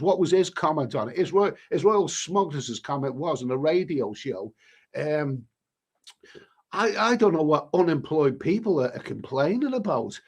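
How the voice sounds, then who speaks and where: The voice of this middle-aged British travel vlogger is a little high and slightly rough. During a relaxed livestream he reads out messages from viewers, rambling, restarting himself and swearing mildly now and then.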